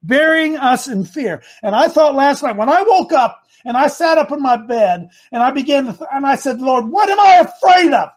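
Animated man preaching a sermon. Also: very high-pitched, normal speed, few pauses. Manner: animated preaching, rising to loud bursts. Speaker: pastor.

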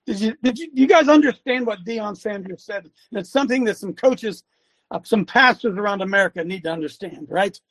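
An older man hosting a talk show as a former coach, venting and scolding his audience with bursts of shouting. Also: high voice, brisk. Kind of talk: ranting commentary.

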